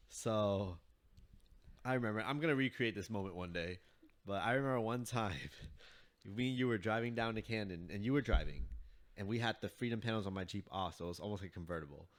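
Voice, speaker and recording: A man's voice: on the low side, lively intonation, a little fast. A man co-hosting a casual chat podcast, joking, laughing often and trailing off mid-sentence. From New York. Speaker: podcast co-host.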